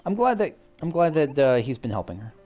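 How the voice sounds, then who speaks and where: A man's voice: fairly high pitch, very animated, a little fast, darkish tone, faint music behind. A man hosting a let's play, chatting casually and thinking aloud with self-deprecating asides. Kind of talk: casual game commentary.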